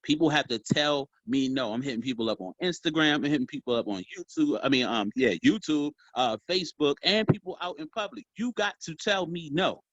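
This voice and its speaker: A man coaching a group on sales, talking in a casual, animated way and calling them y'all. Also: fairly high pitch, brisk, few pauses, no room sound, muffled recording. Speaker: sales trainer. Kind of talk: motivational training talk.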